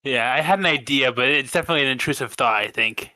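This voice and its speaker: A man's voice: mid-range voice, quick pace, sharp tone, no echo. A man in casual podcast chat, joking and offhand.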